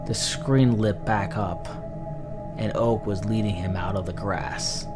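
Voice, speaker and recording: A man narrating a scripted horror story in a slow, measured, dramatic way. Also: fairly low pitch, fairly even intonation, loud music behind the voice.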